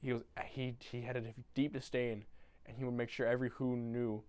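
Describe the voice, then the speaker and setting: A man's voice: mid-range voice, flat delivery, brisk, a little mellow, clean tone, no room sound. A young man rambling through a comedic movie recap in a loose, crude, casual way. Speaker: YouTuber.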